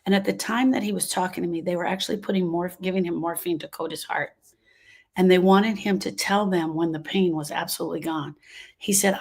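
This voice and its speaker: A woman's voice: on the low side, a little fast, a little mellow, breathy edge. A woman, hosting a grief podcast and telling her story earnestly, repeating phrases for emphasis. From Louisiana. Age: 60s. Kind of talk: heartfelt storytelling to listeners.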